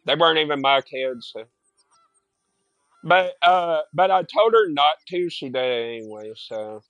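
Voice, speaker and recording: A man's voice: a little high, animated, unhurried, a bit bright, dry recording. A young man streaming a game, telling rambling, profane stories in casual chat. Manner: rambling, profane storytelling with filler words. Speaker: gaming streamer. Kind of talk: casual chat while gaming.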